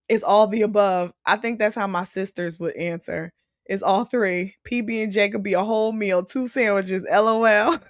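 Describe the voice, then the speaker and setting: A woman's voice: mid-range voice, dry recording. Chatty woman host, close dry mic. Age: adult. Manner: chatty, reads out viewer comments and reacts. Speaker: host reading live chat. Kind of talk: casual live-stream chat.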